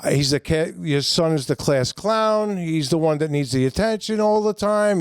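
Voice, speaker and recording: An older New York comedian spins long, rambling stories on a podcast, cursing freely and performing the voices of the people he quotes. His voice sits on the higher side, moderately paced, clear and resonant with a slight mellowness. The studio recording is clean, with no echo.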